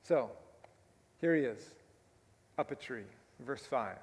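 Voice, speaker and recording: A man's voice: medium pitch, animated, slow pace, in a large hall. A male pastor preaching a sermon in a conversational way, often tossing in rhetorical tag questions. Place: church sanctuary.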